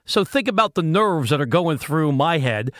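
A middle-aged man hosting a sports radio show, an animated, jokey storyteller. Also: fairly high pitch, moderate pace, no room sound, clean studio sound. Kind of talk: casual sports radio banter.

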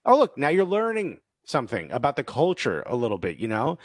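Animated storytelling man, dry sound. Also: mid-range voice, fairly quick, no echo. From Cuban-American background. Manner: animated storyteller, acts out quoted voices, many "you know"s. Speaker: podcast co-host. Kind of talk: casual chat.

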